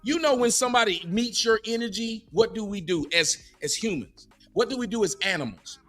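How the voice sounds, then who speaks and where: A middle-aged man hosting a podcast, arguing in a preachy, mocking, animated way. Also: sits high, brisk, faint music behind. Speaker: podcast host. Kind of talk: heated casual debate. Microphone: studio mic.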